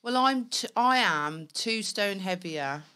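A woman co-hosts a podcast, bantering casually and frankly and swearing freely. Her mid-range voice is animated yet slow, with a sharp tone.

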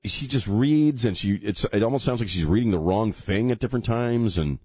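A man's voice: fairly low pitch, animated, moderate pace, darkish tone, husky, no echo. A man hosting a talk radio show in a studio, rambling and sarcastic, mocking the people he talks about. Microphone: studio microphone.

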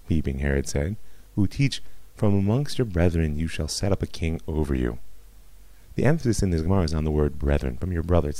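A man, a rabbi, giving a history lecture in a lively storytelling way with asides. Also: sits low, no echo.

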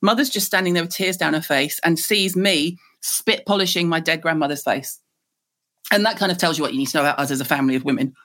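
A middle-aged woman from Liverpool with a Scouse accent, a guest telling lively stories in a podcast interview. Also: low voice, fast talker. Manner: lively, animated storyteller.

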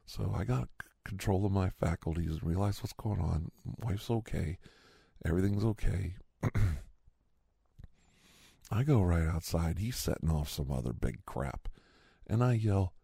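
Low gravelly middle-aged man, indignant. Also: big pitch swings, normal speed, dark tone, no echo, studio quality. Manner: indignant, rambling, with restarts. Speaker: storyteller in a role-play. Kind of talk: casual storytelling.

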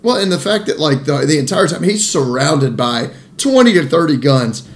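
A man on a casual movie podcast with a gravelly, fry-heavy voice that sits a little high. He jokes crudely and laughs a lot. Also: big pitch swings, normal speed. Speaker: podcast co-host.

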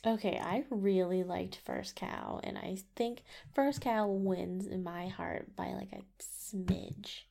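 A woman's voice: medium pitch, fairly even intonation, takes it slowly, vocal fry, hardly any pauses, dark tone. A woman co-hosting a casual movie review podcast, chatty and laughing easily, with lots of "like". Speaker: podcast co-host.

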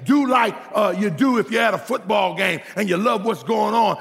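Gravelly high-voiced preacher shouting in a hall. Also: male voice, expressive, normal speed, hardly any pauses. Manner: preaching, often shouting, rhythmic repetition. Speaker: pastor. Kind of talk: sermon. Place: church sanctuary. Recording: long reverb of a large hall.

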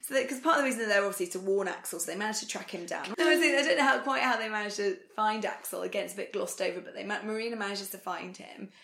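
A woman's voice: mid-range voice, very fast, creaky, few pauses, a bit bright, a little hiss or hum. Woman co-host with a strained voice, casual chatty recap, echoey room. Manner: chatty, laughs often, bursts into playful sing-song. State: voice strained from singing earlier. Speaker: podcast co-host. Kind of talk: casual chat recapping a TV episode.

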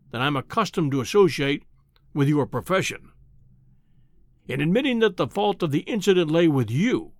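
A man putting on a pompous older professor who booms and lectures with condescension, his voice swinging widely up and down. He sounds slightly raised in pitch, read close and dry with no room around it. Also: no echo. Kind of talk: audiobook character voice.

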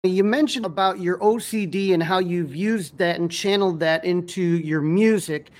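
A man with a notably high voice hosts a casual podcast interview. He builds his questions slowly and haltingly, repeating words as he gathers his thoughts. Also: a little mellow.

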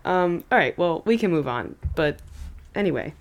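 Low-voiced, lively podcast woman. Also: moderate pace. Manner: playful teasing reactions. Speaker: podcast co-host. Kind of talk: casual chat.

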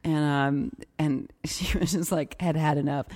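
A woman's voice: low voice, fairly even intonation, unhurried, a little mellow. A woman co-hosting a casual podcast, talking frankly and bluntly and laughing easily. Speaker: podcast co-host. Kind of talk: casual chat.

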